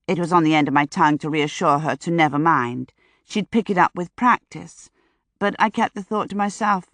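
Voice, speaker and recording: A woman narrating a first-person audiobook in a measured, dryly wry manner, close to the mic. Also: sits low, fairly bright tone, no echo.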